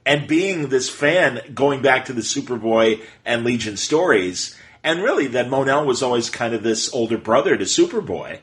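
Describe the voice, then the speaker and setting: A man's voice: medium pitch, animated, moderate pace, few pauses, fairly bright tone. A man hosting a casual podcast interview, playful and teasing, with casual swearing. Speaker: podcast host.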